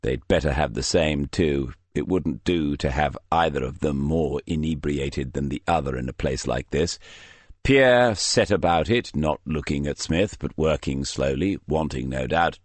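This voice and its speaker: A man reading a crime novel aloud in measured, dry storytelling narration. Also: extremely low pitch, no room sound. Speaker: audiobook narrator. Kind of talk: scripted narration.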